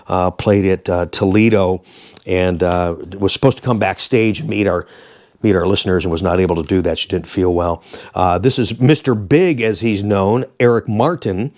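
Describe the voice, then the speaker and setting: A man in his sixties, a former radio DJ and host, telling rambling, animated anecdotes casually. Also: fairly low pitch. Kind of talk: casual storytelling.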